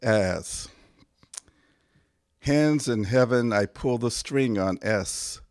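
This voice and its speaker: A man, a poet, reading his own poems aloud in a measured, deliberate way, pausing between phrases, his voice going hoarse. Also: medium pitch, darkish tone, no room sound, studio quality. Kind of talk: poetry reading.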